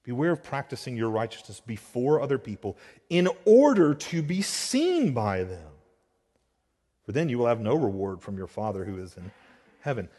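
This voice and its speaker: A man preaching a sermon as pastor, moving between quiet explanation and emphatic, rising declarations. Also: medium pitch, normal speed, slightly rough. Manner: animated preaching, swings between soft and emphatic. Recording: reverberant hall.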